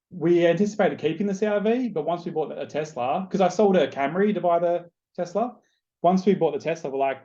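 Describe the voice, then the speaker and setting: With the highs cut off, this recording captures a fairly high-pitched, dark-toned man with an Australian accent. He's a podcast host telling a casual story in a loose, chatty way, with lots of swearing.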